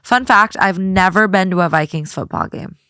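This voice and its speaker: A woman's voice: medium pitch, moderate pace, bright, forceful tone, clean tone, no room sound, studio quality. A woman co-hosting a podcast in casual chat, upbeat and reassuring. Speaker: guest co-host.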